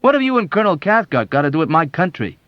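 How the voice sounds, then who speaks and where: A man's voice: a little high, sing-song, fast talker, no room sound, voice pushed up. A man voicing a blunt, wary army captain. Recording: dull, dry lo-fi audiobook.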